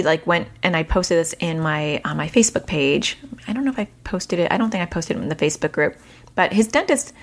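Chatty lower-voiced mom podcaster. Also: female voice, gravelly. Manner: chatty, self-deprecating, quick storytelling. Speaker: podcast host. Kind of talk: casual podcast monologue.

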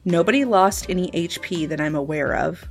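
A woman's voice: on the low side, fairly quick, faint music behind. A woman hosting a tabletop role-play podcast as game master, playful and upbeat.

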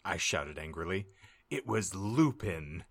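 A man hosting a comedy podcast, reading a story aloud in a mock-dramatic way and pausing to joke with his co-hosts. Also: low-pitched, gravelly, no echo, studio quality. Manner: lively, mock-dramatic narration. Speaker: podcast host.

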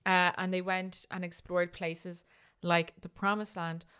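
A woman's voice: fairly low pitch, level tone, measured pace, a bit bright, clean tone. A woman co-hosting a podcast, telling a history story in a chatty way, often restarting and tagging lines with "right?". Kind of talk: casual storytelling chat.

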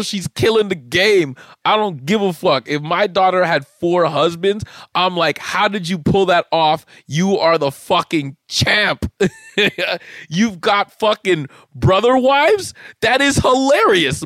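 A man in his thirties hosting a podcast alone, rambling casually with lots of swearing and excitable bursts. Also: a little high, dry recording, clean studio sound. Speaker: podcast host. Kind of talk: casual solo podcast monologue.

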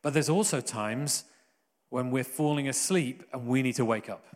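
A man's voice: medium pitch, normal speed, big-room sound. A man preaching a sermon, earnest and conversational, with jokey asides.

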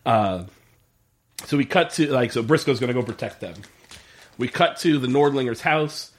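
Animated man recapping a show. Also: mid-range voice, normal speed. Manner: animated, swearing, laughing, acting out quotes. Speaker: podcast co-host. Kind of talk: casual chat recapping a TV episode.

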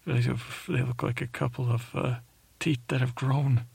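A man voicing a rambling, flirtatious male cat knight in a meandering bedtime story for a sleep podcast, halting with many fillers. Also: mid-range voice, little pitch movement, vocal fry, darkish tone, husky, no room sound, full character voice.

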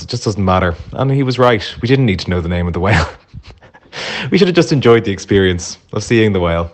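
A deep-voiced man tells a laid-back, wry story. His tone is low and unhurried, with a dry sense of humour. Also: lively intonation. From Ireland. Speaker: guest contributor. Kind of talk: storytelling anecdote.

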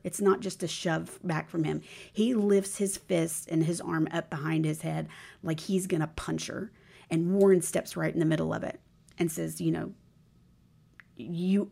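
Low, gravelly woman recapping a show. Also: dark tone. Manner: storytelling recap with many fillers, drops into a whisper at times. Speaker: podcast host. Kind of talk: casual episode recap.

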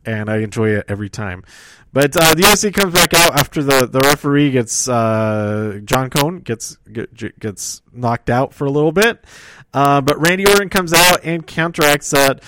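A man's voice: medium pitch, normal speed, noisy background. A man casually recapping a wrestling show, rambling and correcting himself as he goes. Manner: rambling, self-correcting, chuckles at own slips.

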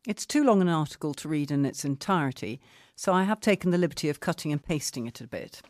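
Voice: medium pitch, lively intonation, fast talker. A presenter giving a wry comment and then reading a newspaper article aloud.

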